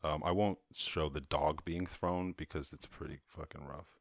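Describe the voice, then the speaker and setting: Irish guy with a real low voice riffing casually on a clip, swears a lot, laughs, dead dry sound. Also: fairly even intonation, moderate pace, dry recording. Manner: loose and profane, with frequent laughs. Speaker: host. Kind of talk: casual commentary reacting to a video.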